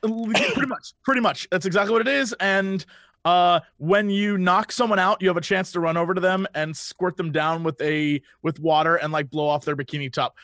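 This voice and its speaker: A man co-hosting a casual podcast, joking and pleading in an energetic way. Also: sits high, normal speed, no room sound. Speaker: podcast co-host. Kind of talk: casual chat.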